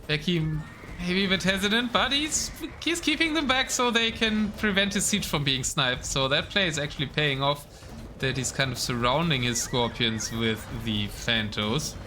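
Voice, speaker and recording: A young man calling a strategy game match live, his voice fairly high and sharply bright. He mixes relaxed play-by-play with offhand chat to the viewers, in a casual, easy way. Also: normal speed, slight background noise. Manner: casual, chats with the live chat between calls. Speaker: esports caster.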